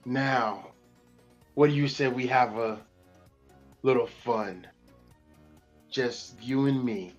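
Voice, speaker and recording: A man reading the part of a sultry, scheming female Koopa queen in his own deadpan voice. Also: mid-range voice, slow pace, long pauses, dull audio, faint music behind. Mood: teasing. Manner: deadpan, flat delivery in his normal voice. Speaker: guest reader.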